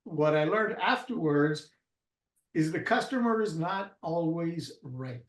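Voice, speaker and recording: A man's voice: fairly high pitch, lively intonation, slow. Rambling man in an echoey room. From Puerto Rico. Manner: rambling, with frequent restarts and fillers. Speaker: guest. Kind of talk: casual storytelling interview. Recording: roomy echo.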